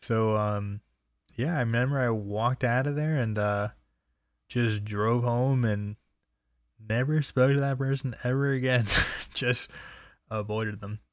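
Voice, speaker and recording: A man's voice: medium pitch, steady tone, unhurried, no room sound, studio quality. A young man telling personal stories in a casual, rambling way, swearing freely and filling with "like" and "um". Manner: rambling and profane, full of fillers. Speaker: storyteller.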